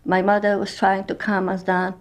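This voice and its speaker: In a medium-pitched, completely flat voice, a Polish woman in her 70s tells her story as an interviewee. Yiddish is her native tongue, and her testimony comes out halting and emotional in broken English.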